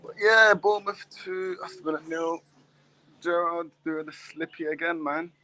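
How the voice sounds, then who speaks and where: A man's voice: on the high side, steady tone, moderate pace, pushed and bright, a little hiss or hum, poor audio. A man hosting a casual football chat, bantering and talking over the others. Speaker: host.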